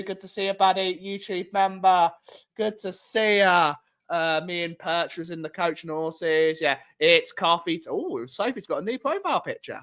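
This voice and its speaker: A man from England, his voice sitting high with a clear, resonant tone, hosts a casual livestream at home. He greets the chat and reads comments in a chatty, rambling way, repeating himself.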